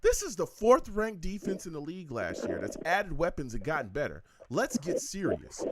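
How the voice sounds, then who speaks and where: Man, call-in show host, hyped slangy talk, lively swinging pitch, fairly high voice. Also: normal speed, a crowd in the background. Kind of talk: casual call-in chat.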